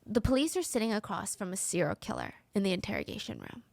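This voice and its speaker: A woman's voice: medium pitch, wildly swooping pitch, fast, gravelly, no echo. A woman hosting a true crime podcast, narrating a case with dramatic, suspenseful pacing and casual asides. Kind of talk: storytelling narration.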